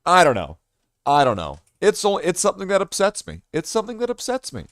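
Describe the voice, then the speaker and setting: A man's voice: high-pitched, wildly swooping pitch, fairly quick, a bit bright, no echo, studio quality. A man live streaming a game, ranting with constant swearing and rambling restarts as he talks to his chat. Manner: rambling, heavily profane ranting with many restarts. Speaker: live streamer and gaming host.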